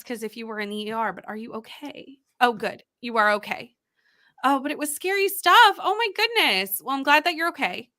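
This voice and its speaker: A young woman with a high, bright voice hosts a relaxed reading livestream. She chats along easily and greets each viewer by name as she reads their comments out. Her tone is friendly and conversational. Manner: chatty and warm toward viewers, greets them by name.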